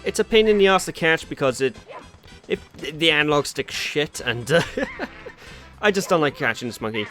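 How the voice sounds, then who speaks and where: A man with a Welsh accent talks over his gameplay in a chatty, exasperated way. His voice sits a little high and bounces around a lot. Faint game music plays underneath. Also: animated, normal speed, a bit bright. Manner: chatty, exasperated, mildly sweary. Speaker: let's play host. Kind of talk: casual gameplay commentary.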